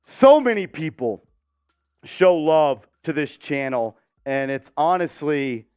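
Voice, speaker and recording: A man hosting a casual live-stream sports show, talking warmly and giving viewers shout-outs. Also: on the high side, very animated, takes it slowly, clear, resonant tone, no room sound, clean studio sound.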